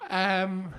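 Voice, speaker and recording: A man co-hosting a podcast, telling an animated story in casual chat and acting out the voices of the people in it. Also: high-pitched, smooth. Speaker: podcast co-host.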